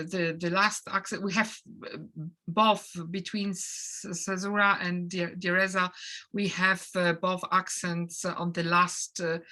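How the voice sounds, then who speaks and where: Slow, hesitant Polish-accented woman lecturer. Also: on the low side, pushed and bright. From Poland. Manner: hesitant, many fillers and restarts. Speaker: conference lecturer. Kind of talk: academic lecture.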